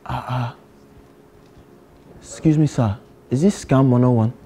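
A man's voice: mid-range voice, unhurried, mellow, slight background noise, lightly acted. Young man putting on a pushy Nigerian-accented student. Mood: pleading. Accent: Nigerian (put on). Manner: insistent, exclamatory "oh" and "ah, ah" tags. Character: pushy male Nigerian student wanting to learn scamming. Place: college lecture hall.

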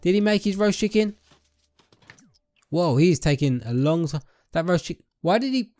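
A man's voice: a little high, animated, normal speed, a little mellow, faint music behind. A young man giving casual, playful commentary over a life-simulation game, chatting to viewers and talking to the characters on screen. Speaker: gaming YouTuber. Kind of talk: casual let's-play commentary.

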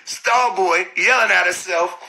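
A man's voice: high voice, takes it slowly, vocal fry, bright, forceful tone, a little hiss or hum, rough recording. A man telling a profane story on a phone live stream, laughing often.

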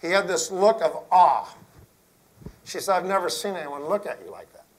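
A middle-aged man, an Air Force general, telling a story to school principals in a folksy, earnest way, dropping to a hush for emphasis. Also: high-pitched, animated, normal speed, low-quality recording.

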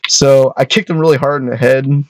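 A young man tells a casual story from his childhood, rambling loosely, stumbling over words and tossing in "you know what I mean." His voice is at an ordinary male pitch, steady in tone and a little fast. The recording is dry and close, with no room sound.

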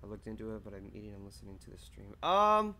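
A man's voice: lowish voice, big pitch swings, fast, bright, forceful tone, a little hiss or hum. A man streaming live and chatting casually with his viewers, reading their messages aloud and swearing freely.

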